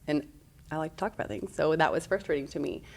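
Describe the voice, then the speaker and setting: A woman in her thirties with a low voice tells stories with energy, slipping into other people's lines. She talks in a relaxed podcast-chat way as a guest. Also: quick pace, creaky. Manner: animated, acts out quoted speech. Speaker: guest, parenting speaker. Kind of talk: conversational podcast storytelling.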